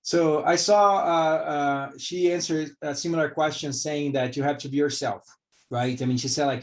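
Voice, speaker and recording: A man's voice: on the high side, moderate pace. A middle-aged man from Brazil with a Brazilian Portuguese accent, a surgeon answering interview questions candidly and rambling with many fillers. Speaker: vascular surgeon.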